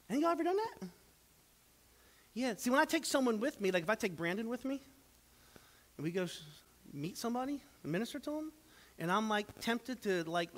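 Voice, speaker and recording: A man's voice: extremely high pitch, expressive, a little fast, long pauses, a bit bright. A man, preaching a sermon as pastor, in a folksy, conversational way with asides to the congregation. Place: church sanctuary.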